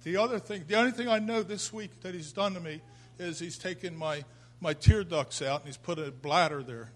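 An older man speaking at a church service, halting and emotional, rising to fervent exclamations. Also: sits high, a bit bright. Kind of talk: informal sermon.

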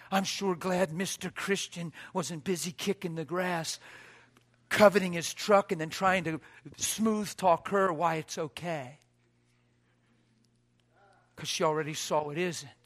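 High, bright-voiced preacher telling a story. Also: male voice. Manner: swings from hushed quoted lines to loud near-shouted exhortation. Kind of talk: sermon with storytelling.

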